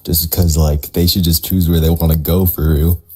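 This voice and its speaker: A man's voice: deep voice, little pitch movement, normal speed, mellow, breathy edge, soft background music. A man in his twenties calling into a debate stream, hesitant and full of fillers. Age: 20s. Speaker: caller. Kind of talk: casual debate call.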